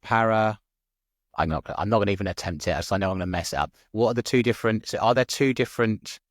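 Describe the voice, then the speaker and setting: A man with a very low voice, hosting a conversational podcast. He talks in a thoughtful, halting way and makes fun of himself a little. The recording is close and dry. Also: no echo. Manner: reflective, hesitant, self-deprecating. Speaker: podcast host.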